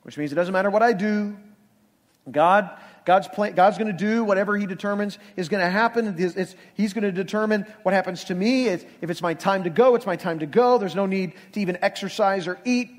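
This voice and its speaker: A male pastor preaching a sermon in a church, conversational with emphatic rhetorical questions. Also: sits high. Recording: long reverb of a church hall.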